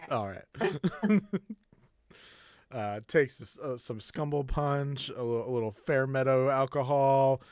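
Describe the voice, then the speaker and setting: A man's voice: medium pitch, takes it slowly, a little mellow, clear, resonant tone, dry recording, clean studio sound. A young man, the game master, running a tabletop game in a laid-back way and laughing often.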